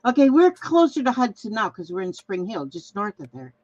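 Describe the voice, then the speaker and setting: A woman's voice: medium pitch, sing-song, fairly quick, a little mellow, dry recording, dull audio. An older woman from Minnesota chatting casually as a craft livestream host, reading viewer comments aloud and trailing off mid-sentence.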